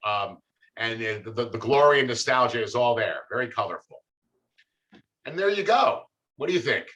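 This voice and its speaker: A man with a bright, forceful voice at an ordinary middle pitch. He presents film history in a loose, chatty way, with plenty of ums and uhs. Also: normal speed, rough recording. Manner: relaxed, filler-heavy storytelling. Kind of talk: casual presentation.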